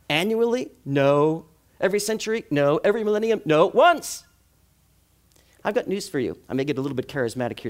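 Lively male preacher. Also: sits high. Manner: animated, asks the congregation rhetorical questions. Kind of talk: sermon.

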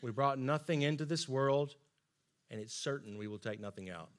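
A middle-aged man preaching a sermon, earnest and emphatic, often dropping to soft asides. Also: mid-range voice, normal speed. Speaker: pastor.

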